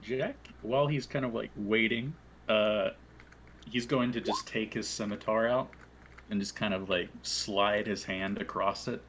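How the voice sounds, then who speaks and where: During a casual tabletop game, a man hesitantly describes his character's actions, using lots of fillers. His voice is on the low side, fairly bright, and fairly even in intonation, his pace unhurried, with a little hiss or hum in the recording.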